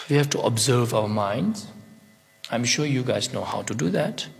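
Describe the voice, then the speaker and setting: A man's voice: medium pitch, lively intonation, slow, vocal fry, fairly bright tone, in a large hall. A man whose first language is Tibetan gives a spontaneous Buddhist talk in English, playful and acting out little scenes. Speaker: Buddhist teacher.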